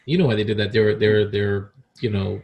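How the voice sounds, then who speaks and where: Gravelly joking podcast man. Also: on the low side, fast. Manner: joking, excitable, blunt. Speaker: podcast co-host. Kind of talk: casual chat.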